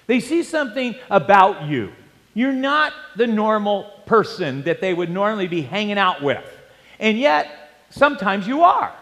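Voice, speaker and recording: A man's voice: high voice, sing-song, normal speed, vocal fry, a bit bright, big-room sound. A man preaching a sermon, telling a personal story in a conversational way and acting out the dialogue. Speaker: pastor.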